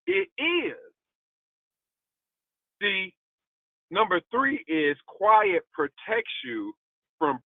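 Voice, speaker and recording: Man, preacher, emphatic, testifying, animated, phone-like sound. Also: on the high side, no echo. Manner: repeats key lines, emphatic, testifying. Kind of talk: motivational devotional talk. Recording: tinny phone-like audio, dry.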